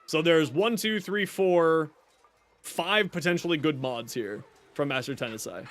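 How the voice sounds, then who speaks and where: A man's voice: fairly high pitch, unhurried, fairly bright tone, dry recording. A male streamer giving casual gameplay commentary, a chatty storyteller who laughs often, talking into a desk mic.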